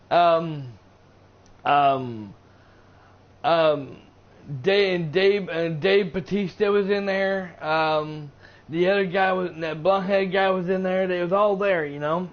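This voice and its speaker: A man with a high voice casually recaps a movie for his live stream. He rambles, stumbling over restarts and constant fillers. The audio sounds dull and lo-fi. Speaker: gaming streamer reviewing a movie.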